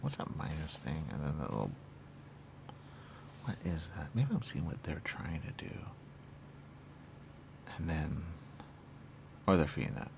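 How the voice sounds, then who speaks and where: A person playing a snake game and rambling aloud, muttering to themself in halting, trailing phrases. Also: rumbling low, big pitch swings, vocal fry, slight background noise. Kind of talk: rambling stream-of-consciousness talk.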